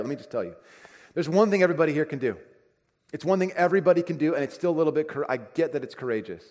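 A pastor preaching a conversational sermon, acting out everyday dialogue. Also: male voice, on the high side, expressive, fast, darkish tone. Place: church sanctuary. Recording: reverberant church hall.

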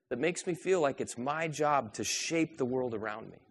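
A man's voice: medium pitch, expressive, normal speed, few pauses, breathy edge. Man preaching a sermon. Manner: preaching with rhetorical questions, shifting from soft to raised. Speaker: pastor.

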